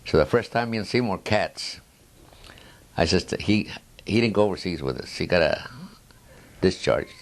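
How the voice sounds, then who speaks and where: A man's voice: deep voice, expressive, normal speed, long pauses. A man in his nineties telling war stories in a rambling oral history, chuckling at his own tales and restarting his sentences. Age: 90s. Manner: frequent restarts and trailing asides.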